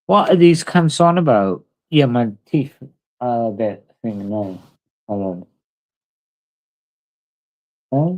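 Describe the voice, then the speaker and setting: A man's voice: medium pitch, expressive, slow, long pauses, darkish tone. Brash sweary streamer man. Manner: brash, sweary, talks back to chat. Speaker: livestreamer. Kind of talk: casual live-stream chat.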